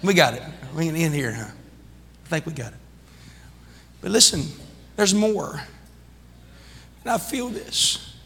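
High, bright-voiced preacher in a reverberant church. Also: male voice, a little hiss or hum. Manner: impassioned preaching that builds to shouting; calls out to the congregation. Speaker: pastor. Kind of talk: sermon. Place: church sanctuary.

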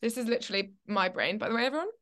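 A woman's voice: a little high, racing, a bit bright. A young woman co-hosting a casual Christian chat podcast, telling stories animatedly and acting out her own reactions. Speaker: podcast co-host.

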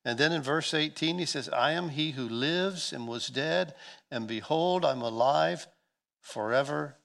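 A male pastor preaching a sermon, earnest, swelling loud and dropping to soft, often restarting his words. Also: on the high side, a little slow, gravelly.

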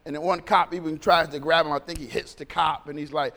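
A man's voice: a little high, steady tone, quick pace, pushed and bright, long reverb tail. A male pastor preaching a sermon in a conversational, storytelling way, often repeating phrases.

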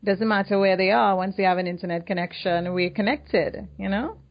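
A woman's voice: medium pitch, a little fast. A woman with a Trinidadian accent, co-hosting a casual podcast chat and laughing easily. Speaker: podcast co-host. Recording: dull lo-fi sound.

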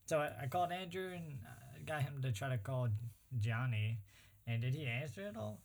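A young man of middling pitch talks casually with a friend. He tells his story in an easygoing, joking way, with plenty of filler words along the way. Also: moderate pace, vocal fry. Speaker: co-host telling a story. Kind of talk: casual chat.

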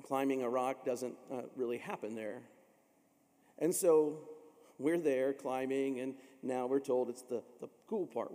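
A man's voice: mid-range voice, warm tone, in a large hall. A man from Illinois preaching a sermon, telling stories dramatically and acting out the voices of the people in them. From Illinois, USA. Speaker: pastor.

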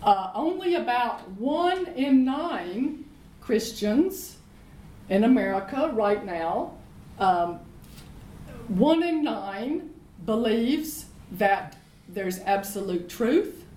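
A woman's voice: fairly high pitch, sing-song, extremely slow, a little mellow, echoey room, slight background noise, poor audio. A woman teaching from the Bible in an emphatic way, repeating her points and asking rhetorical questions. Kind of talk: teaching sermon in conversation.

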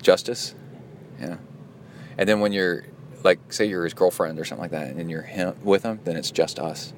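A man with a fairly low voice hosts a laid-back podcast chat. He jokes and riffs freely, with a faint hum of background noise behind him. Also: normal speed. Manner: playful, joking, goofy asides. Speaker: podcast host.

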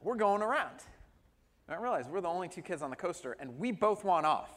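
A man's voice: sits high, animated, brisk, fairly bright tone, big-room sound. A man preaching a sermon as pastor, telling a humorous personal story. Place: church sanctuary.

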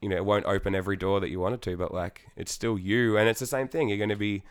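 Rambling Australian man, low smooth voice. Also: fairly even intonation, fast. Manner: rambling, swears, laughs often, many fillers. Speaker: singer in a band. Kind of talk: casual interview chat.

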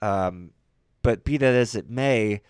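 A man co-hosting a casual sports podcast, measured and chiming in with short remarks. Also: fairly low pitch, a little mellow, smooth, no room sound.

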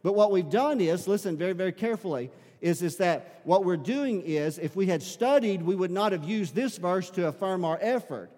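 Preacher guy, high pitched, repeats himself when he pushes a point, big echoey hall. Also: expressive, normal speed, few pauses, dark tone. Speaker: pastor. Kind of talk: sermon. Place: church sanctuary. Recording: long hall reverb.

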